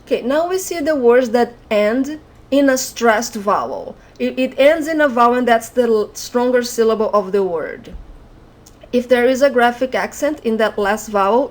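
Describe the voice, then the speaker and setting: A young Brazilian woman with a Brazilian accent teaching an online language lesson, patiently repeating example words. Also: on the high side.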